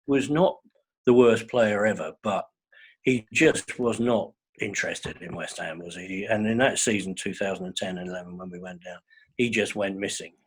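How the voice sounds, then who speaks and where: Husky older man, wry storyteller. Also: lowish voice, moderate pace. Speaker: guest fan. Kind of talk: casual chat.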